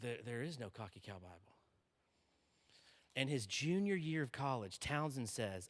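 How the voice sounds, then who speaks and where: A man's voice: medium pitch, very animated, measured pace, long pauses. A man preaching to students, telling a story energetically and often checking in with "okay?". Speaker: conference speaker. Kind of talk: sermon. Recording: long reverb in a large hall.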